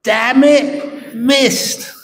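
A man's voice: fairly high pitch, measured pace, voice pushed up, lightly acted. A man putting on an exasperated old Pope. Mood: shouting. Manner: excitable outbursts then sheepish apologies. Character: old male Pope, frustrated golfer.

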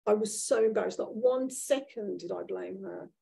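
A woman speaking to an audience at a live event, telling a story from her life in a candid, self-deprecating way. Her voice is mellow and dark, with a gravelly, husky edge. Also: mid-range voice, normal speed, low-quality recording. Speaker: author guest at a live talk. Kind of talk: anecdotal storytelling in a live conversation.

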